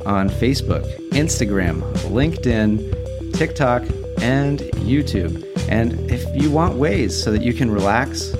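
A man's voice: medium pitch, expressive, slow pace, over loud music. Upbeat encouraging male podcast host. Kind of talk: casual self-help talk.

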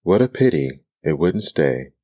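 A wistful, formally polite parrot, softly put on by a man in a whispered role-play, sighing as it speaks. The voice is very deep and slow. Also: sing-song, no echo, clean studio sound, exaggerated voice.

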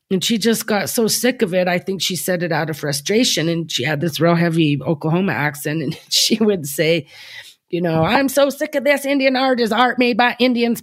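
Brief: woman in her fifties, fairly low voice, reflective guest who wanders through her thoughts with lots of fillers. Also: no room sound, clean studio sound. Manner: thoughtful, rambling with frequent fillers. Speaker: artist guest. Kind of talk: reflective interview talk.

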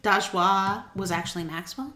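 In an echoey room with a little background noise, a young woman hosts a podcast with a sharp, mid-range voice at normal speed. She shares a true crime story in a teasing, playful way, firing questions at her co-host during their casual chat.

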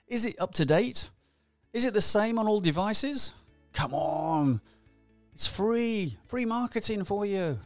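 A man giving a chatty, energetic motivational business talk, firing rhetorical questions and acting out examples. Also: sits high, no room sound. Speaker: business trainer.

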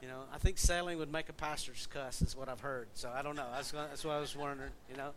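A man's voice: medium pitch, fairly even intonation, fast talker, a bit bright, slight background noise. A man preaching a casual, folksy sermon, joking and chatting directly with his congregation in a church. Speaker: pastor.

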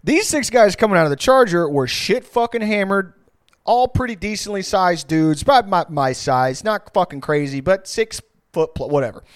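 A man hosting a podcast who tells a story in a casual, rambling, profane and animated way. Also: high-pitched, normal speed, no room sound, clean studio sound.

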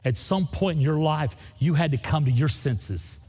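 A man's voice: on the high side, normal speed, darkish tone, breathy edge, in a large hall, faint music behind. A man preaching a sermon as a pastor in a church, pleading earnestly and repeating phrases for emphasis. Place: church sanctuary.

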